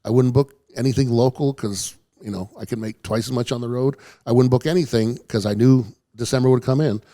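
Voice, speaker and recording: Fast-talking man, rambling comedian stories. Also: medium pitch, mellow, no room sound, studio quality. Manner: rambling, self-interrupting, acts out quoted voices. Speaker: stand-up comedian guest. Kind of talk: casual storytelling chat. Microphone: studio headphones and mic.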